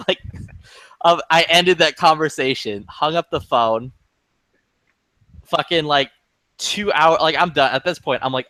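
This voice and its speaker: A man with a fairly high voice recounts a grievance in a heated, profane, animated rant among friends. The sound is dry and close, with no room around it. He swears freely and builds his outrage line after line. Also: measured pace, long pauses, no echo. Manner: angry, profane, animated storytelling. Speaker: chat participant telling a story.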